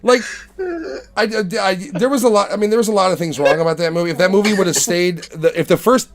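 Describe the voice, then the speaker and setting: A man's voice: high voice, quick pace. A man hosting a podcast, ranting in casual, profane chat. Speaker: podcast host.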